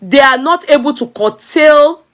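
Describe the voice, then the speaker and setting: Nigerian woman host, mid-high voice, loose conversational commentary. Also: expressive, measured pace. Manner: chatty, mixes in Yoruba, frequent laughter. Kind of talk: casual commentary chat.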